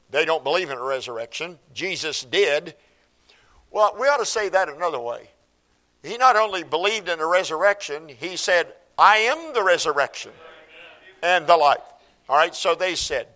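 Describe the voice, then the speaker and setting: A man's voice: on the high side, lively intonation, normal speed, bright, forceful tone. A man preaching a sermon, reading scripture aloud and commenting on it, asking the congregation for an amen. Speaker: pastor.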